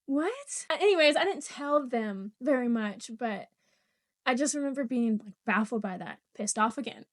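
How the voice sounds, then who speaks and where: A young woman hosting a podcast tells a personal story in casual chat, her voice a little high at a moderate pace. She's animated, swears freely, and often laughs mid-sentence.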